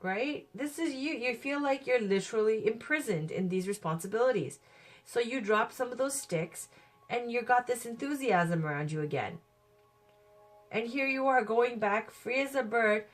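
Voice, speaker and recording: Woman, hoarse from a cold, casual tarot reading, upbeat, faint music underneath. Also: on the high side, expressive, normal speed. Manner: chatty, upbeat, thinks aloud. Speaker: tarot reader.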